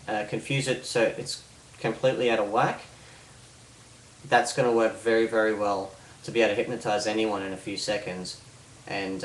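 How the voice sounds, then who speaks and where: A man's voice: mid-range voice, slight background noise. Man rambling through a how-to, roomy and distant. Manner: rambling, frequent fillers and restarts. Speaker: hypnosis instructor. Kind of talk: casual how-to explanation. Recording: roomy, distant mic with faint ambience.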